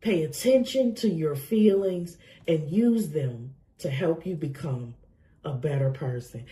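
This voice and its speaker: A woman's voice: deep voice, measured pace, dark tone. A woman getting over a cold, giving an emotional, effusive tarot reading to camera and laughing often. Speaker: tarot reader.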